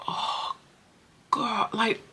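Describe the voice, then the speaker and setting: A woman's voice: drawn-out words, pushed and bright. A young woman chatting expressively through her makeup routine, full of slang and emotion, as a beauty vlogger. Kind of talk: casual chatty makeup tutorial.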